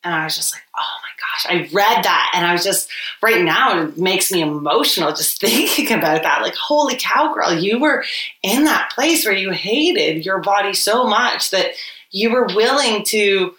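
Woman guest, bright-toned, open personal storyteller, recorded in an echoey room. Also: medium pitch, lively intonation, normal speed. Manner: open and reflective, many "like" fillers. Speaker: podcast guest. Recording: roomy echo.

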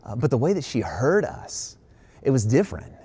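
A man's voice: medium pitch, big pitch swings, moderate pace, mellow, husky. Conversational Midwestern man preaching. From Midwestern United States. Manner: conversational, emphatic preaching with many "like" asides. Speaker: pastor. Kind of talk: sermon.

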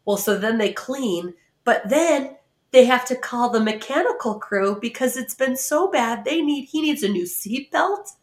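A woman's voice: a little high, measured pace. Woman co-host telling stories in a roomy echo. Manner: animated storyteller, laughs often. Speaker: podcast co-host. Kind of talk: casual chat.

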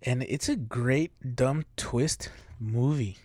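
Rambling, foul-mouthed podcast host. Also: male voice, mid-range voice, slow, darkish tone, no room sound. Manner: rambling, profane, laughing often. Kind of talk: casual solo commentary.

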